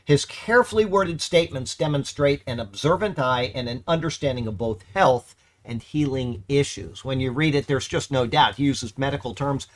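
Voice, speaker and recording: In a mid-range voice, a man teaches through a Bible letter verse by verse. He halts and corrects himself, then presses his points with emphasis.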